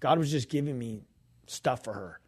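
A man's voice: medium pitch, moderate pace, slightly rough. A man co-hosting a faith podcast, telling a story in a casual chat and acting out the quoted dialogue. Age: adult, grown pastor's kid. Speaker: podcast co-host and minister.

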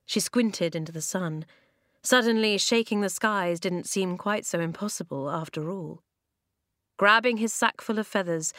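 A woman narrating a children's storybook in a measured way, slowing down for emphasis, on a close microphone. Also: medium pitch, fairly bright tone, no room sound. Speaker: audiobook narrator.

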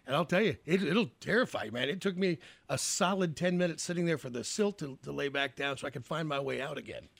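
Male radio host, a bit higher-pitched, gravelly, casual rambling storyteller. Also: quick pace, hardly any pauses, fairly bright tone, no echo. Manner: storytelling, casual, trails off and restarts.

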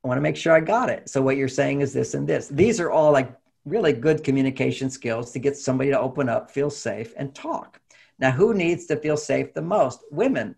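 A middle-aged man, a therapist, telling a personal story in a lively way and acting out the lines of the people in it. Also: mid-range voice, fairly quick, creaky, breathy edge. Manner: animated storytelling, acting out quotes. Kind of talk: storytelling talk.

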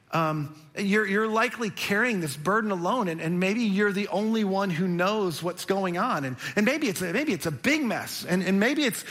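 Male pastor, high bright voice, chatty and emphatic sermon delivery. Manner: conversational and emphatic, many restarts.

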